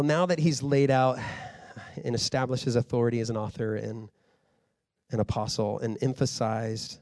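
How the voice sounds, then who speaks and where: Man, thirties, pastor, casual sermon delivery, mid pitch, dry close sound. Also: a little mellow, dry recording. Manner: conversational preaching, rising to fired-up emphasis.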